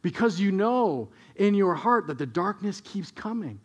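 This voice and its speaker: A man with a fairly high voice delivers a sermon in a storytelling way. He drops to hushed asides, then pushes up to emphatic, louder points. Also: sing-song, measured pace, slightly rough. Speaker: pastor.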